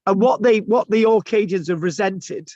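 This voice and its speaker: A high-voiced man with a darkish tone lectures his online class at normal speed in an informal, rambling style of restarts and tag questions. The audio is dry, dull, and lo-fi.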